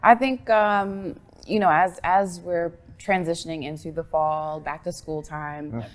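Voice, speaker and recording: A woman's voice: on the low side, fairly even intonation, unhurried. A woman in her thirties co-hosting a morning show, chatting casually about packing her daughter's lunch. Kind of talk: casual chat.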